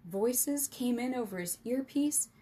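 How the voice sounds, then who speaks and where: A woman reading an adventure storybook aloud as the storyteller, with lively, expressive narration. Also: a little high, unhurried, slightly rough.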